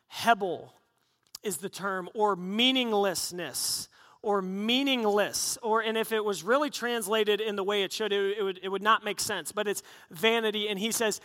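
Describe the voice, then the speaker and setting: A middle-aged male pastor delivers a sermon in a high, bright voice. He tells stories with animated, self-deprecating humor. His words ring out with a long reverb in a church hall. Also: moderate pace.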